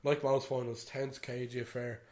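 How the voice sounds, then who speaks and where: A man's voice: mid-range voice, little pitch movement, normal speed, a little mellow. An Irish man co-hosting a podcast, rambling through a story in casual chat and swearing freely. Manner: rambling, swears freely, "you know what I mean". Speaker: podcast co-host.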